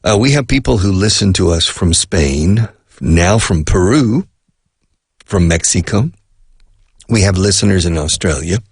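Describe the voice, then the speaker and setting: An older man hosting a radio English lesson, talking slowly and patiently repeating phrases. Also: low voice, lively intonation, breathy edge, no room sound, clean studio sound. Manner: slow, repetitive, explains and repeats phrases patiently. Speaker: radio host and English teacher.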